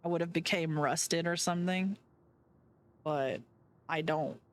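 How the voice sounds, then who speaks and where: A woman's voice: sits low, a little slow, a little hiss or hum. A woman streamer reading a visual novel aloud live, chatting and reacting between lines. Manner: chatty, reacting as she reads.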